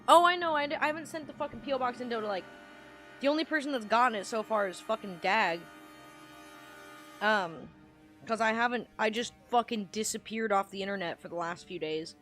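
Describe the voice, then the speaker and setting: Brief: woman streamer, casual rambling rant, heavy cursing, mid-pitched, faint music behind. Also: creaky, a bit bright. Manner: profane, ranting, rambling. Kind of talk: casual livestream chat.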